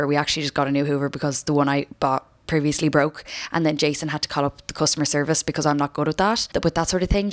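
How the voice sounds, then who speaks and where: Fast-talking chatty Irish woman. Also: deep voice, no echo. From Ireland. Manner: chatty, self-mocking, rambling storytelling. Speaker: vlogger. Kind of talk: casual chat to camera. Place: room at home.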